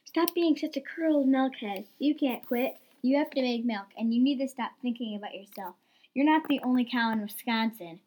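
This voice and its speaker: A woman's voice: a little high, normal speed, a little mellow, a little hiss or hum, pitched above the performer's own voice, natural voice. A woman voicing a sassy, bossy female cow who scolds, in a storybook reading.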